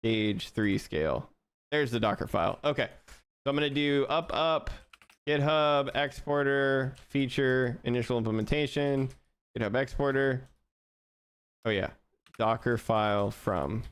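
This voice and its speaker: A young man live-streaming as he codes, talking casually to his chat, laughing often and thinking out loud with restarts. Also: medium pitch, a little slow, clean tone.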